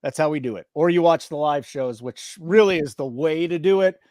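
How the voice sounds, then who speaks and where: A man's voice: on the high side, a little fast, darkish tone, dry recording, studio quality. A man hosting a sports betting show, joking and mock-indignant in casual banter.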